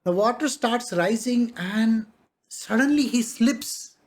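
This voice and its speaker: Slow, chuckling spiritual storyteller. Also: medium pitch. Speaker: spiritual master. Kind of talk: devotional discourse with storytelling.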